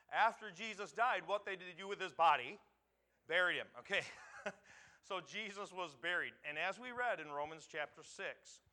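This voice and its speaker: A pastor teaching a sermon, reading scripture aloud and pausing to quiz the congregation for answers. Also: male voice, high voice, pushed and bright. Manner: quizzes the congregation with pauses for answers.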